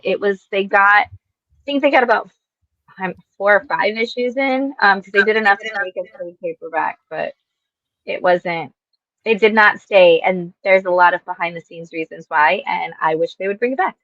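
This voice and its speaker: A woman's voice: mid-range voice, moderate pace, a bit bright. A chatty woman joins a casual talk about comics, speaking in an easy, conversational way. Her audio sounds dull and muffled, with no room echo at all. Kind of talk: casual chat.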